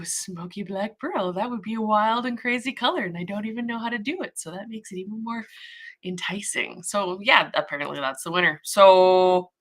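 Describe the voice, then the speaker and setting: A woman's voice: lowish voice, pushed and bright. A woman hosting a casual livestream as an artist, chatty and rambling, humming little filler sounds while she works. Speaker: livestream host, model horse artist.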